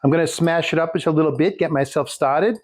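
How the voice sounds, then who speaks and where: A man's voice: a little high, quick pace. Folksy joking home cook, man. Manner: folksy, joking asides, rambling. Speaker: home cook showing a recipe. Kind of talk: casual cooking demonstration. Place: home kitchen.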